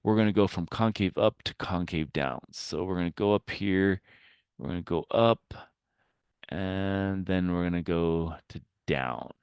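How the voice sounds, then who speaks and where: A man teaching a math lesson, working through a problem aloud with frequent fillers and pauses. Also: low-pitched, a little mellow, smooth, no echo. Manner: thinking aloud with many fillers. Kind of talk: recorded math lecture.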